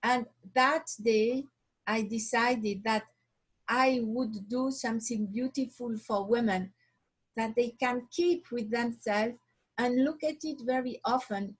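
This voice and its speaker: A woman from Switzerland, a watch designer, telling her story in an interview over a video call, halting and often restarting as she searches for words. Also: a little high, breathy edge, rough recording.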